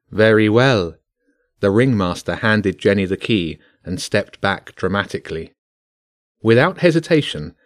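A man with a low voice reads a children's bedtime story aloud at a steady pace. The sound is dry and close to the mic. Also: dry recording. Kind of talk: scripted storybook narration.

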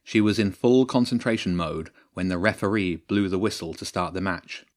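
A man reading a story aloud as narrator, at a measured, steady pace. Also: deep voice. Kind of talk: audiobook narration.

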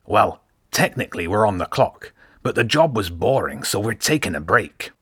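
A man reads a brawling audiobook rat with a husky Scottish lilt. His voice leaps around in pitch as he relishes the chance to fight. The recording is close and dry. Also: very animated, normal speed, fairly bright tone, no echo, exaggerated voice. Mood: eager. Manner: gleeful and bold. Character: eager fight-hungry male rat. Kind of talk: audiobook character voice.

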